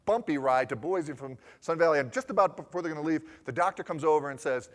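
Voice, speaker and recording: A man in his forties giving a talk, telling lively stories and acting out the conversations he recounts. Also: on the high side, fast talker. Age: 40s. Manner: lively anecdotal storytelling, acting out the dialogue he recounts. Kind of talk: storytelling talk. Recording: long hall reverb.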